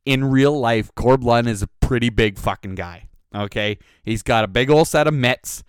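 A man hosts his own podcast and tells a long, rambling story with plenty of swearing and self-mockery. His voice is smooth and clear, and it sits close and dry on the mic with no room sound. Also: medium pitch, a little fast, hardly any pauses, no room sound. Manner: profane, rambling, self-mocking. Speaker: podcast host. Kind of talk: casual storytelling monologue.

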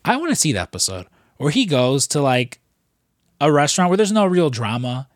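A man's voice: fairly high pitch, very animated, brisk, no echo, clean studio sound. A young man co-hosting a podcast, rambling and swearing through jokey stories, slipping into quoted voices. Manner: rambling, profane, jokey storytelling with put-on quotes. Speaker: podcast co-host. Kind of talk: casual podcast chat.

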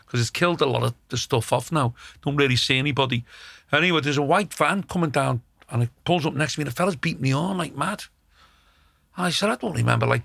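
Gravelly, bright-toned man. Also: mid-range voice, no room sound. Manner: animated anecdotes with acted-out quotes and swearing. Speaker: guest. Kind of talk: casual chat, storytelling.

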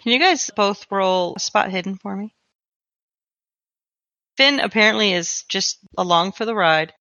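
Female game master, measured unhurried narration, dry lo-fi sound. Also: medium pitch, sharp tone, no echo. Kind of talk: narrating a tabletop horror game.

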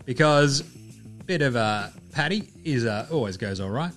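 A man's voice: medium pitch, expressive, moderate pace, fairly bright tone. Man, solo basketball host, casual, loose, faint music behind. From Australia. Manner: loose, chatty, swearing. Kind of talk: casual solo sports commentary.

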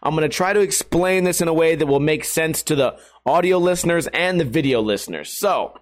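A man's voice: fairly high pitch, a little fast. A man hosting a podcast in a crude, rambling, jokey comedic monologue. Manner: crude, rambling, jokey, puts on silly voices. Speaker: podcast host.

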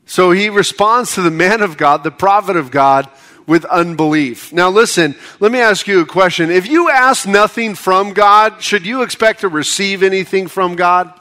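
This middle-aged pastor from the United States talks through his sermon in a conversational way, and his jokes lead up to impassioned appeals. His high-pitched voice is pushed and bright at a normal speed.

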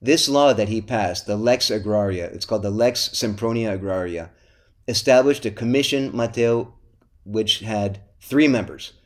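A man hosting a history podcast, telling the story in a lively, playful way and teasing his co-host. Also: fairly low pitch, moderate pace. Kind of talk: casual history podcast chat.

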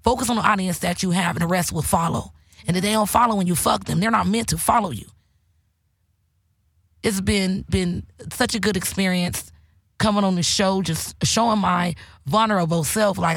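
A woman's voice: mid-range voice, moderate pace, slightly rough, no echo, clean studio sound. A woman hosting her own podcast, talking candidly and emotionally, swearing often. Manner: emotional, preachy, heavy swearing. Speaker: host. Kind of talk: candid casual podcast talk.

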